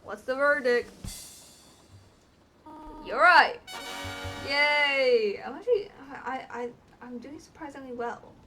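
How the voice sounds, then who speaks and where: Woman, fairly high voice, chatty game commentary, halting read-alouds, music behind. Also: bright, forceful tone. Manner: chatty, easily spooked, reads game text aloud haltingly. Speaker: gamer playing a courtroom game. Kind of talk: gameplay commentary.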